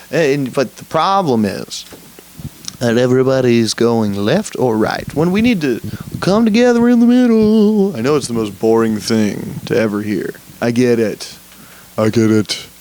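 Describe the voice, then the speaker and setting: A young man rambles through a casual solo podcast, swearing freely and laughing at himself. His pitch jumps around a lot, sitting mid-range for a man. His delivery is loose and unscripted. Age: young adult. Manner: profane, rambling, animated, laughs often. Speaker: podcast host.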